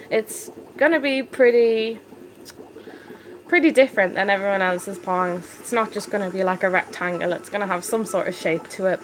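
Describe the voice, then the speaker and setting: A woman from Ireland with a Dublin accent, chatting casually on a live stream and answering viewer comments with excited warmth. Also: mid-range voice, slight background noise, low-quality recording. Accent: Dublin Irish. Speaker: fish-keeping live streamer.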